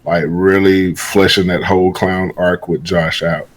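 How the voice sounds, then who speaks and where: A man's voice: low-pitched, level tone, measured pace, a crowd in the background, rough recording. A man appearing as a guest on a casual podcast over a video call. He talks in an easygoing way, with hesitant restarts and frequent laughter. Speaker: guest, e-fed runner.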